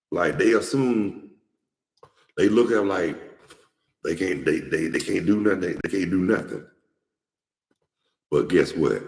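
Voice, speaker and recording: Gravelly and bass-voiced, this show host speaks directly to his audience with loose, outspoken remarks full of slang. He wanders, often restarting and repeating himself, and the room around him is echoey with a long reverb tail.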